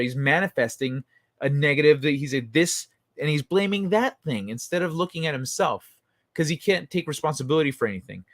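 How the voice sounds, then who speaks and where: A man's voice: a little high, animated, brisk, dry recording, studio quality. A man hosting a casual livestream chat, talking in a rambling, profane way with frequent restarts. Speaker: livestream talk show host.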